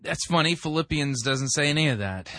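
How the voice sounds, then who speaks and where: A man commenting critically on a sermon, explaining scripture in a measured way. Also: fairly high pitch, animated, bright, forceful tone. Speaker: sermon reviewer.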